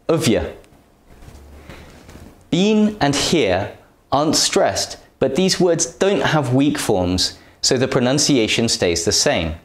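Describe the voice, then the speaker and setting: A man narrating a scripted English pronunciation lesson, speaking carefully and deliberately with clear enunciation. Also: medium pitch, echoey room.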